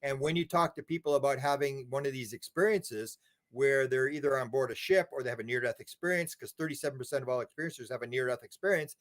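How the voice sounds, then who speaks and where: A man's voice: medium pitch, fast talker, a bit bright. Man, interview guest, rambling storyteller, repeats words, acts out voices. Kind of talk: casual interview talk.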